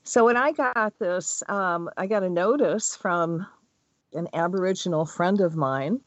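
A woman who works as a spiritual energy healer, giving a chatty, rambling and expressive talk. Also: lowish voice, unhurried, dry recording. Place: Hawaii. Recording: dull, dry recording.

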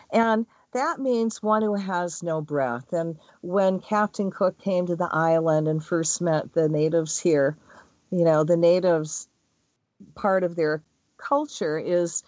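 A woman's voice: on the low side, a little mellow, dry recording. A chatty woman energy healer talks in a loose, rambling way, her voice swinging up and down as she tells her stories. The sound is dull and dry, with no room around it. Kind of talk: casual spiritual talk. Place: Hawaii.

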